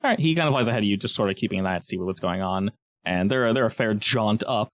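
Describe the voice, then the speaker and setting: A man's voice: on the low side, expressive, quick pace, dry recording. A man narrating a tabletop game as game master, in a chatty way with frequent restarts.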